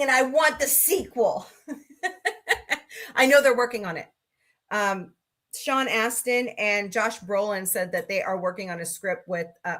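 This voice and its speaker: A middle-aged woman hosts a casual livestream talk show. Her voice sits a little high and rings bright and forceful. She chats loosely, greets viewers by name and slips in sarcastic asides.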